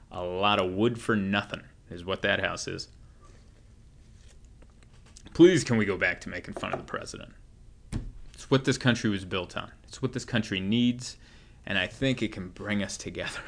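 Man, comedian, rambling wry monologue, lowish pitch, casual storytelling. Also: creaky, fairly bright tone. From United States.

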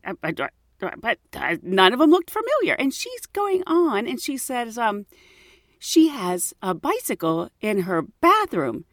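A woman tells funny personal stories in a lively, swooping voice that sits a little high. She laughs often and acts out her own thoughts as she goes. The sound is close and dry, with no room around it. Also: moderate pace, no room sound. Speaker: host telling stories. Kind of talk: casual storytelling.

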